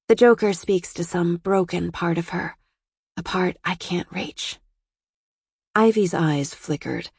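A woman narrates an audiobook in an even, steady reading. Her voice is low, husky and gravelly, recorded close and dry. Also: no room sound. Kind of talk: scripted narration.

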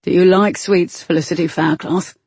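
A woman reading an audiobook, voicing a brooding man who runs a warehouse, in a low, clipped, teasing way. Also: fairly even intonation, normal speed, a little mellow, slightly rough, dry recording. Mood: wry.

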